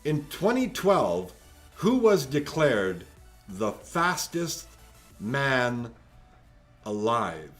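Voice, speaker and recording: Slow-talking, lively joking male quiz host. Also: mid-range voice, soft background music. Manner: joking, chatty, teasing players. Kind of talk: live-streamed trivia hosting. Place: at home.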